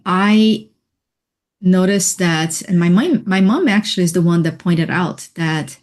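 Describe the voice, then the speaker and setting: A woman guest on a radio interview, telling a personal story in a soft, reflective way with light laughs. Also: on the low side. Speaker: interview guest, healing coach.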